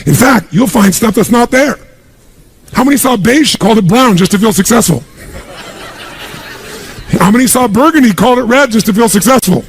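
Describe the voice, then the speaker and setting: A man's voice: very high-pitched, lively intonation, normal speed, long pauses, slight background noise. A man giving a live motivational seminar speech, speaking emphatically and quizzing the crowd with call-and-response questions.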